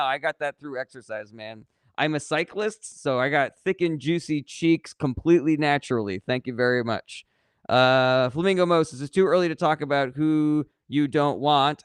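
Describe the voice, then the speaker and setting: A young man from California runs a live question-and-answer stream, reading each comment aloud before answering it. He is blunt and sarcastic and swears casually. His voice is smooth and clear, in dry, close sound. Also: on the high side, dry recording. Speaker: livestream host answering viewer questions.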